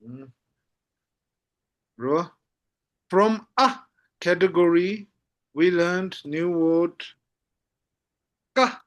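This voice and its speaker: A man teaching a language lesson, repeating syllables slowly and often checking that his listener follows. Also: high-pitched. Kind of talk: slow spoken lesson.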